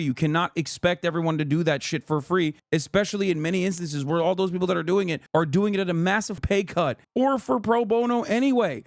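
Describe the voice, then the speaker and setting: A man streaming casual reaction commentary in a profane, animated rant. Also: on the high side, dry recording, studio quality.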